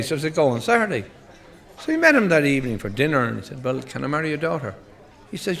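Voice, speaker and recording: An Irish man, a stand-up comedian telling football jokes who laughs at his own punchlines and slips into quick voices for his characters. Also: a little high, sing-song, gravelly, fairly bright tone. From Ireland.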